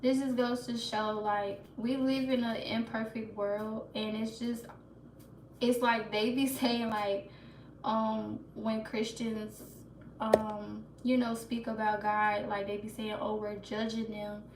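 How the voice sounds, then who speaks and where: A woman's voice: on the high side, flat delivery, takes it slowly, background noise. A woman hosting a casual livestream, chatting to viewers and laughing nervously. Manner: laughs nervously, talks to chat, restarts. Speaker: livestream host. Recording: roomy echo, mic a bit far, faint ambience.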